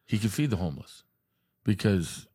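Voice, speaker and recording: A man with a low, husky voice tells stories from the rink in a loose, chatty way. His pitch swings widely as he laughs through his anecdotes. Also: big pitch swings, moderate pace, dark tone. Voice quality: husky, laughs often while telling stories. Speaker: hockey coach. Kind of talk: casual chat.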